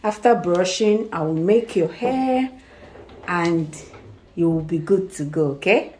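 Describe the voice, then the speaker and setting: A Nigerian woman filming a casual family vlog at home, gently coaxing her child and laughing often. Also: lowish voice, lively intonation, unhurried, poor audio. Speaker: family vlogger, mother.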